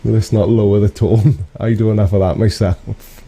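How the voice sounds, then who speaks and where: A man's voice: on the low side, fairly even intonation, normal speed, warm tone. A man hosting a live stream, reading out viewer comments in a rambling, cheeky way and chuckling often.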